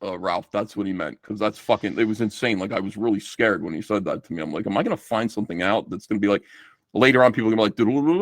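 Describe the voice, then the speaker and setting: A middle-aged man chatting casually as a guest on a livestream, telling stories in a rambling, profane, animated way. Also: fairly low pitch, fast talker, no room sound, studio quality. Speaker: guest comic book artist.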